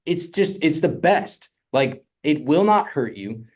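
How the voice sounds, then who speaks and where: A young man coaching on real estate funding in a casual, energetic teaching talk, often asking "right?". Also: a little high, takes it slowly.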